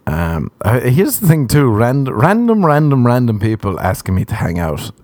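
A young Irish man doing a comic monologue on a podcast, swearing freely and mocking himself in an animated rant. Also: mid-range voice, normal speed, no room sound.

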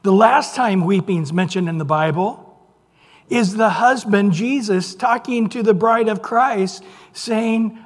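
A man preaching a sermon, dropping to near whispers and rising to loud emphasis, drawing out scripture slowly. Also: high voice. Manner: reads scripture aloud with slow, drawn-out phrases. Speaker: pastor. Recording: long reverb of a large hall.

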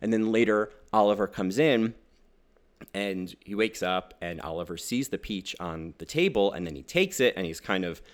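Man, film commentary, indignant and mocking, pitch swinging all over. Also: animated, moderate pace. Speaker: film critic.

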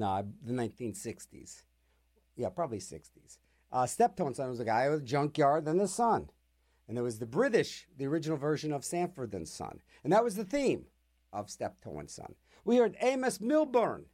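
A man's voice: on the high side, darkish tone. A man hosting a radio music show, chatting casually between songs with rambling, sarcastic jokes. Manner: rambling, jokey, sarcastic asides.

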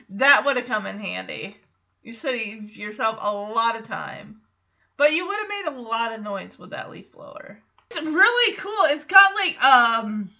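Lively, high-voiced woman podcast host. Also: highs cut off. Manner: animated storytelling, acts out quotes, laughs often. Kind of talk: casual episode recap.

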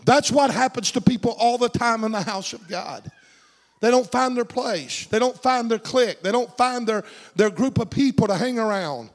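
A man preaching a sermon. He calls out for amens and swings from low, hushed asides to shouted climaxes. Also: normal speed, in a large hall.

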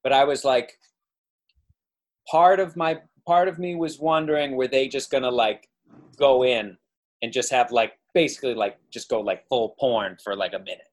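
A man on a casual film podcast, talking in a halting, musing way. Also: medium pitch.

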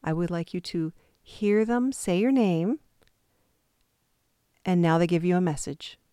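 A woman calmly and patiently leading a guided intuition exercise step by step, with the odd self-deprecating aside. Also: fairly low pitch, unhurried, clean tone, dry recording, studio quality. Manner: calm, patient step-by-step instructions. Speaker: intuition teacher.

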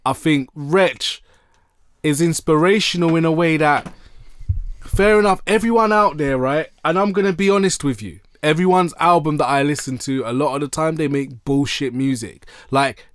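A slangy man co-hosting a podcast, talking about albums in a slightly high voice. His delivery is animated and loose, with a close, dry sound. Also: moderate pace, no room sound. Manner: slangy, animated, exclaims loudly when surprised. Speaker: podcast co-host. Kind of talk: casual chat about music.

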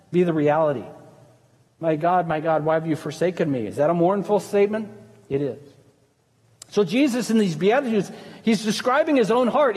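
Pastor guy giving a sermon, kinda high voice, chatty, asks the crowd stuff, echoey church. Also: darkish tone. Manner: conversational preaching with rhetorical questions. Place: church sanctuary. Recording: church hall with long reverb.

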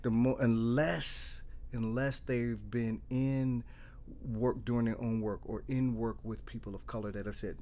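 A man's voice: medium pitch, a little slow. Middle-aged guy, therapist, telling stories, acts out all the back and forth, restarts a lot. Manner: animated storyteller, acts out dialogue, repeats and restarts. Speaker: trauma therapist. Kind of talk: storytelling in casual conversation.

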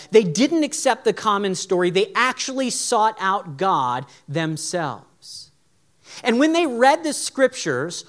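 A young man preaching a sermon in an earnest, pleading, conversational way. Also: sits high. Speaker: pastor.

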